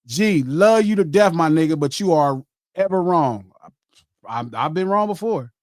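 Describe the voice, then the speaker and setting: High-voiced man hosting a live stream. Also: animated, normal speed, no echo, clean studio sound. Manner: loose, joking, rattles off shout-outs. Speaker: host. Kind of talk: live stream banter and reading donations.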